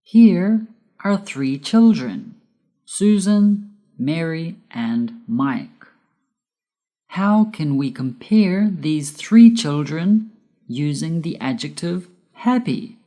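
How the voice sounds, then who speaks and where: A woman giving a scripted English grammar lesson, careful and measured, spelling out letters one by one. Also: sits low, animated, dark tone. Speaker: English teacher.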